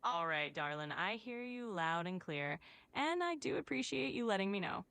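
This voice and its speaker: A woman's voice: medium pitch, very animated, moderate pace, a bit bright, smooth, no room sound. A woman's voice as an AI voice assistant, polite and soothing, calling the listener sugar and darling. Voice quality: polite, soothing, evenly friendly. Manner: claims a Southern drawl with pet names. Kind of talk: scripted assistant chat.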